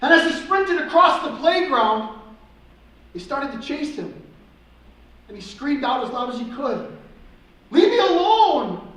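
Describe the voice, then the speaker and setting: A man giving an impassioned storytelling speech to students at a school assembly, moving from loud urgency to hushed gravity. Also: very high-pitched, very animated, a little slow, long pauses. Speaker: motivational speaker at a school assembly. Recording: echoey gym from far off.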